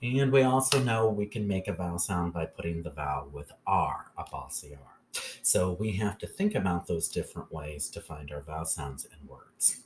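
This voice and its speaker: A man's voice: deep voice, normal speed, slight background noise. A man teaching a phonics lesson step by step, patiently checking in with "okay?" as he goes.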